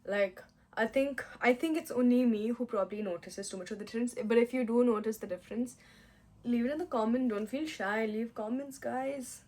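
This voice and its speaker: A woman's voice: a little high, brisk, darkish tone. A young woman chatting casually on her vlog while doing her makeup, giggly and self-mocking. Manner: chatty, giggly, self-mocking, with playful mock-Italian put-on phrases. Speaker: vlogger.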